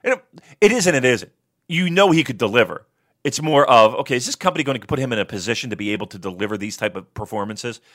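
A man co-hosting a casual review podcast, talking profanely and excitably and working himself up into shouting rants. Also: medium pitch, quick pace. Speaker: wrestling podcast co-host.

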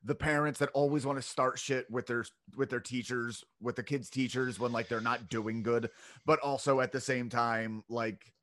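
A man's voice: medium pitch, steady tone, moderate pace, fairly bright tone. A man from South Jersey, a comedian guest on a podcast, trading wry jokes and swearing in casual chat.

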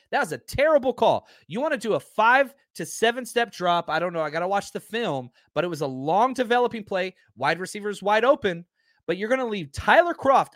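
A man's voice: high-pitched, fairly bright tone, no room sound, clean studio sound. A man hosting a sports talk livestream, ranting with heat and reading out viewer comments. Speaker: livestream host.

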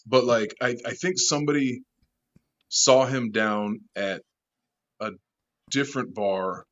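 A man guest in an interview, a bar manager telling a rowdy story, animated, laughing often and swearing freely. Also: mid-range voice, slow, highs cut off. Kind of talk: casual storytelling.

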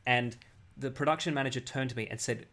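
A man's voice: mid-range voice, steady tone, fast, fairly bright tone. A man co-hosting a comedy podcast, telling a long anecdote. His talk is loose and chatty, with many false starts and repeated words. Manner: rambling storyteller with many restarts. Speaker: podcast co-host. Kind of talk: casual comedic chat. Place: abroad, living in Asia.

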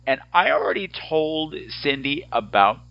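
Guy podcast host ranting and joking, pitch jumping all over, dry slightly dull sound. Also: a little slow, creaky, no room sound. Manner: animated, sarcastic, joking rants. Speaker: podcast host reading listener voicemails. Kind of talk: casual podcast chat.

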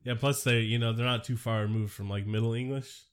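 A man's voice: lowish voice, fairly even intonation, a little fast, clear, resonant tone. A man co-hosting a podcast in casual chat, rambling and swearing, still getting over a cold and coughing now and then. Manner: rambling, swears a lot, breaks into silly voices. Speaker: podcast co-host.

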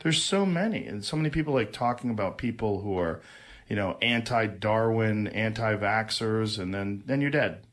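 A man's voice: fairly low pitch, expressive, normal speed. A man ranting on a casual podcast, profane, mocking and combative. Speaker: podcast host.

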